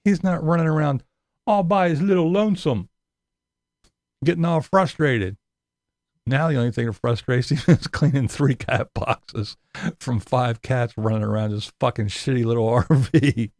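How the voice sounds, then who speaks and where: A man's voice: mid-range voice, moderate pace, a little mellow, no room sound, clean studio sound. A man giving a sarcastic, profane commentary rant as a vlogger.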